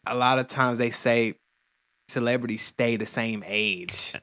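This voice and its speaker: A man's voice: medium pitch, steady tone, unhurried, fairly bright tone, slight background noise. A man co-hosting a music reaction video, chatting casually and animatedly, sometimes slipping into playful impressions while retelling things.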